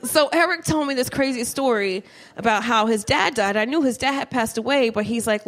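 A woman's voice: on the high side, fairly quick, a bit bright. A woman in her thirties doing a stand-up comedy set on a club stage, chatty and profane, acting out voices. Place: comedy club stage before live audience.

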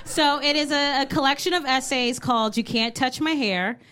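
A woman co-hosting a live show, chatting in a bubbly, giggly way that jumps up when she gets excited. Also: high-pitched, normal speed, noisy background. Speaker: podcast co-host and author. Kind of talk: live comedic chat.

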